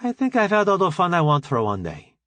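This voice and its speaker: A man's voice: sits high, huge pitch swings, fairly quick, fairly bright tone, dry recording, voice pushed up, full character voice. A man voicing a dry, teasing woman in an audiobook. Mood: wry. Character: wry woman, wife teasing her husband.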